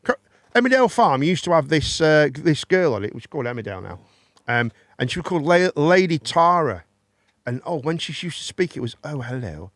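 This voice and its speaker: Lively cheeky English man, dry sound. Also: a little high, fairly quick, dry recording. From England. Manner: rambling, cheeky, jokey. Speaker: host. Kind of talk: casual chat.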